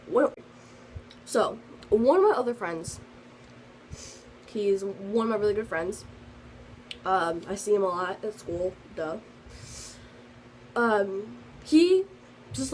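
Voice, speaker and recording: A teenage girl recounting her day in a casual storytime vlog, rambling along with plenty of fillers, restarts and asides. Her voice sits at an ordinary middle pitch. A faint hiss of background noise sits under the recording. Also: rough recording. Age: teens. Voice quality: sensitive, earnest storytelling. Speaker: vlogger.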